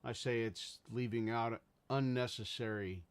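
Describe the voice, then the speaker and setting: A man's voice: medium pitch, fairly even intonation, unhurried, clear, resonant tone. Earnest rambling man on a livestream. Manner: earnest, rambling, greets chat viewers. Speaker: livestream host. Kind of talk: casual livestream talk.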